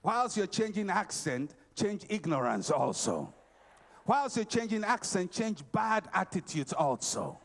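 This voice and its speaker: Man preacher, raised voice, slow deliberate sermon, emphatic repeats. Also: high-pitched, sing-song. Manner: emphatic and repetitive, swinging from shouts to quiet. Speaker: conference preacher. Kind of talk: motivational sermon.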